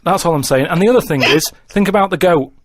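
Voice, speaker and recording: A man co-hosting a relaxed radio conversation. His voice sits a little high, and he lays out his reasoning in plodding steps, checking with his listeners as he goes. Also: fast talker, no echo. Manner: rambling, keeps checking with "right?". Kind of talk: casual radio chat.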